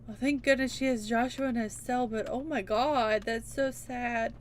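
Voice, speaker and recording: Young woman streamer, talks fast and chatty, lots of likes, kinda high voice. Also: a little hiss or hum. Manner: chatty and emotional, many fillers. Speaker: streamer playing a game. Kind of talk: casual chat.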